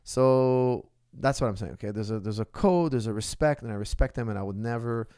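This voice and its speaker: A man's voice: mid-range voice, a little fast, dark tone, clear, resonant tone, dry recording, studio quality. A man in his forties, a martial arts coach, answering viewer questions in an emphatic way and often checking in with "okay?". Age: 40s.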